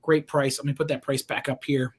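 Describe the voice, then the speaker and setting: A man hosting a live online wine show, pitching bottles and prices with lots of fillers and restarts. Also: flat delivery, brisk, breathy edge. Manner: chatty, enthusiastic salesman with many fillers and restarts. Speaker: wine shop host. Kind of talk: live-streamed wine show, casual sales talk.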